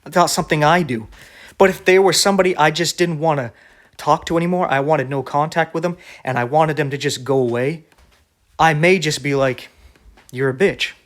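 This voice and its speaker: A man preaching straight to his viewers in a casual, conversational way. His voice sits a little high for a man. He argues bluntly and keeps tagging his points with a quick "right?". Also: fairly even intonation. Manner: blunt, argumentative.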